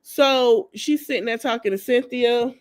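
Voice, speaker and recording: A woman's voice: fairly high pitch, unhurried. Chatty gossiping woman podcast host. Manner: chatty gossipy storytelling, slangy, addresses listeners as y'all; acts out the people she quotes. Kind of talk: casual TV recap chat.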